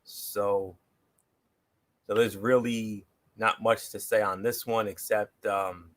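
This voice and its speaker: A man hosting a casual football picks show, giving a plain, steady rundown of each game with a few fillers. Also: lowish voice, slow pace. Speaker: show host. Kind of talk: casual sports picks chat.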